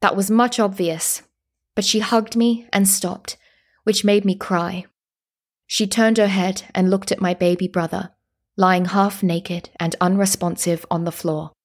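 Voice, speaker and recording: A woman reads a first-person story in a calm, measured way. Her voice is breathy and slightly husky, sitting at an ordinary pitch. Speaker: narrator.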